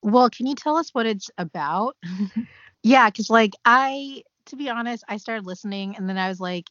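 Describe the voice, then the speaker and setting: A woman's voice: fairly high pitch, moderate pace, dry recording, lo-fi sound. A woman co-hosting a podcast, talking in a thoughtful, hesitant casual way. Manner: thoughtful, hesitant, soft laughs. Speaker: podcast co-host. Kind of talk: casual chat.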